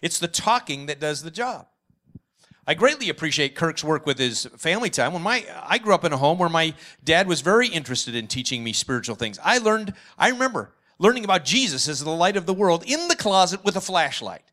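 A man's voice: a little high, very animated, a little fast, sharp tone. A man speaking enthusiastically at a parenting seminar, sharing lessons and memories.

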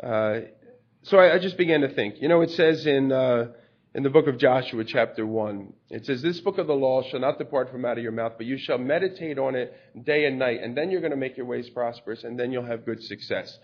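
A man's voice: mid-range voice, brisk, breathy edge. A man preaching a sermon in a conversational way, explaining scripture through everyday stories. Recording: dull lo-fi recording.

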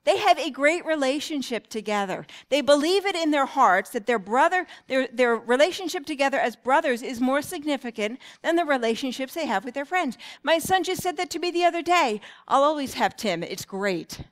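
A woman's voice: high-pitched, lively intonation, fairly quick, hardly any pauses. A middle-aged woman speaking earnestly at a parenting seminar, telling stories from family life. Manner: earnest, storytelling.

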